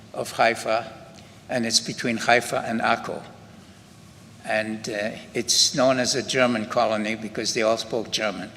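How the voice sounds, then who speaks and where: Speaking at a memorial ceremony, an older Holocaust survivor from Scotland recounts his experiences in a Scottish accent, his medium-pitched voice bright and forceful. His delivery is slow and halting, with sentences frequently begun again. The hall gives a long reverb, with faint background noise.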